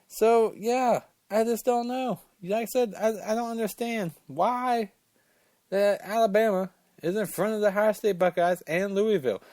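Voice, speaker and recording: A man with a high, keyed-up voice rants about football rankings on his own sports talk show. He sounds opinionated and gets fired up, cussing as he goes. The sound is dry and close, with no room around it. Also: normal speed, darkish tone, dry recording. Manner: fired up, opinionated, cusses when worked up. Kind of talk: casual sports rant.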